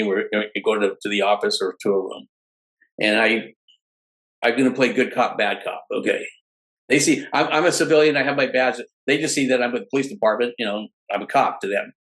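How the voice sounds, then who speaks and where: A man's voice: medium pitch, fast, poor audio. A middle-aged man, a podcast guest, telling stories in casual conversation, often restarting his phrases. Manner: animated storyteller who restarts phrases often.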